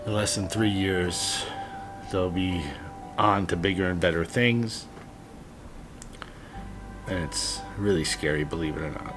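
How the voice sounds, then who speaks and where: Talking over music with long pauses, a man in his late thirties speaks a little slowly in a low register. As a father vlogger, he shares heartfelt, earnest guidance with other dads in a personal monologue, occasionally swearing and being blunt.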